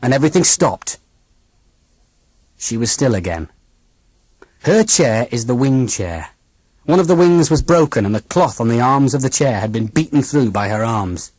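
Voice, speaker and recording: Expressive, slightly breathy audiobook narrator. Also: mid-range voice, moderate pace, long pauses, no echo. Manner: dramatic, expressive reading. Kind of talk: first-person storybook narration.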